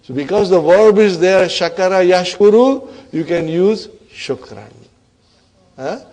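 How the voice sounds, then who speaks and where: Encouraging male Arabic teacher, higher voice. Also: expressive, a little mellow. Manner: encouraging, checks in with "huh?" and quizzes the class; quotes Arabic phrases slowly. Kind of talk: classroom lecture.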